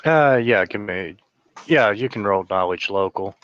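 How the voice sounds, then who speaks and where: A man's voice: lowish voice, lively intonation, a little slow, fairly bright tone, no echo, lo-fi sound. A man narrating as game master, hesitant and full of filler sounds. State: hiccups.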